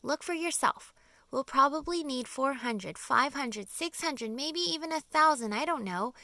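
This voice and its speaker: A woman voicing a calm, determined young boy in an audiobook, explaining earnestly and steadily. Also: high voice, measured pace, no echo, pitched above the performer's own voice, heavily acted. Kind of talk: audiobook character voice.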